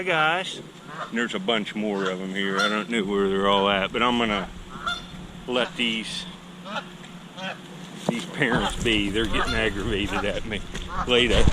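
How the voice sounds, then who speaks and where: A man's voice: lowish voice, very noisy. A man, vlogging casually and talking baby talk to his pet squirrel. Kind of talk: casual vlog chat.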